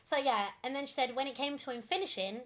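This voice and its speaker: Bright, animated young woman. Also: sits high, fast talker. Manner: animated, giggly storytelling with lots of fillers. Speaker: podcast co-host. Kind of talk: casual chat, retelling listener stories.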